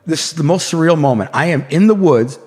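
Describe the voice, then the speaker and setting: A man's voice: on the high side, expressive, a little fast, a little mellow, in a large hall. A man telling his life story as an interview guest, loose and slangy, with lots of restarts. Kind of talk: casual storytelling.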